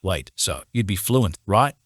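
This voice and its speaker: A man's voice: on the low side, expressive, unhurried, no room sound, clean studio sound. A man voicing an eager, chirpy young woman in a romance audiobook. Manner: bright, eager.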